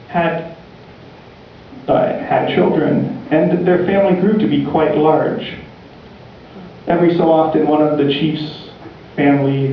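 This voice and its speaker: Echoey distant preacher telling a story. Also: male voice, on the high side, creaky, a little hiss or hum. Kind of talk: sermon storytelling. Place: church. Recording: distant, echoey, dull church recording.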